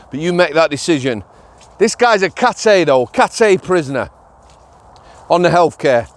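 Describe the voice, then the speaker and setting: A middle-aged man with a Yorkshire accent, a former prison officer telling stories in a casual, blunt vlog, often checking in with "yeah?". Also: on the high side. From Yorkshire, England. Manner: chatty, blunt, tag questions like "yeah?".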